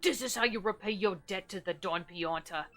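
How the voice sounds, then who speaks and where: A woman voicing a gruff old male mafia boss in a game, with a put-on gangster drawl and a clipped, bossy manner. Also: medium pitch, normal speed, fairly bright tone, soft background music, close to an everyday voice.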